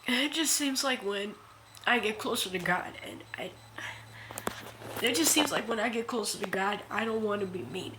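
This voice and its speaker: Emotional woman, bright halting voice. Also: mid-range voice, a little hiss or hum. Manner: earnest, halting, repeats herself. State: emotional, near tears. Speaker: vlogger. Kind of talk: emotional confessional monologue. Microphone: phone.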